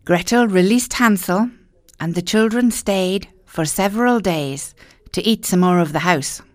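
A woman narrating a children's fairy tale in a slow, expressive storytelling manner. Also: medium pitch, no room sound.

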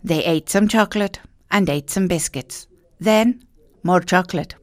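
Woman reading a fairy tale aloud, unhurried and expressive, dry close sound. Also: fairly low pitch, dry recording. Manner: slow, expressive, emphatic storytelling. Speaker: storyteller. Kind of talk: children's story narration.

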